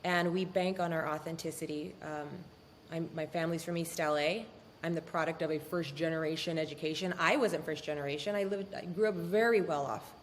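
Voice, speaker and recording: A woman speaking as a guest in a casual interview, animated and candid, swearing freely. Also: deep voice, fairly quick, big-room sound, slight background noise. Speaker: law firm owner, podcast guest.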